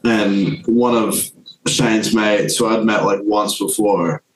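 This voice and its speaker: A man's voice: fairly low pitch, fairly even intonation, slow. Young man rambling through a story. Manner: rambling, many fillers. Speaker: podcast guest. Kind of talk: casual storytelling chat. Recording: echoey room, faint music.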